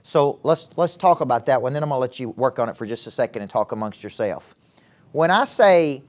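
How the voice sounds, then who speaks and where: A middle-aged man with a Southern US accent leads a live motivational session for young people. He speaks at an ordinary mid pitch, with an animated delivery, and keeps turning to the audience with questions. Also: fairly quick. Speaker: motivational speaker and former coach. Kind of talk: live talk to a youth audience. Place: event hall with a live audience.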